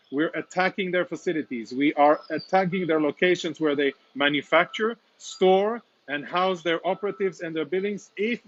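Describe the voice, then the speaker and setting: Earnest male spokesman, slightly high voice. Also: a bit bright, highs cut off. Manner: earnest, urgent, some halting restarts. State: emotional. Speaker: military spokesman. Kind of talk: live walk-through report. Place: damaged apartment indoors.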